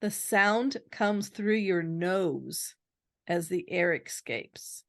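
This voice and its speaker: Unhurried woman podcast host, dry sound. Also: fairly low pitch, fairly bright tone, no echo. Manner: quizzes her co-host with trivia, laughing often. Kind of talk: casual chat.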